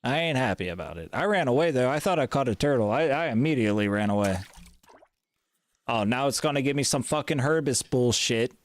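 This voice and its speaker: A man streaming a game live, grumbling and swearing, his voice swinging between loud gripes and quiet mutters. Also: medium pitch, a little fast, no echo. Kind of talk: live gameplay chat.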